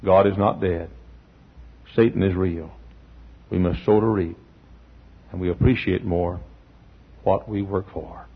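Male pastor, sermon, church, storytelling, clears throat often, gravelly husky voice, dull lo-fi recording. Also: deep voice, steady tone, unhurried, long pauses. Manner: storytelling, acting out quotes, frequent throat clearing.

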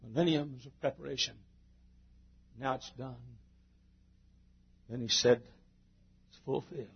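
A man preaching a sermon who swings from hushed murmurs to shouted climaxes and acts out the quoted voices with little laughs. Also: mid-range voice, level tone, unhurried, creaky, slightly rough, highs cut off.

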